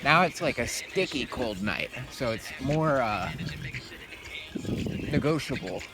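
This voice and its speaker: A man with a mid-range voice vlogs while heading uphill outdoors before dawn, speaking slowly but animatedly in a very noisy recording with music underneath. He wanders through a casual monologue, cursing frequently and using lots of ums and likes.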